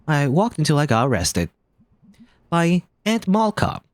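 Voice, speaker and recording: Sulky sarcastic young woman, read by a man, deadpan, lively pitch, game playthrough. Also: unhurried.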